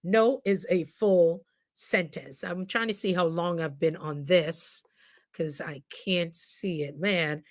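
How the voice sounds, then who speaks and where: Animated woman chatting on a livestream. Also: on the low side, slow. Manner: animated, laughs often, speaks straight to viewers. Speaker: host; nurse and coach. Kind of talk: casual livestream talk to viewers. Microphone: computer mic on a live stream.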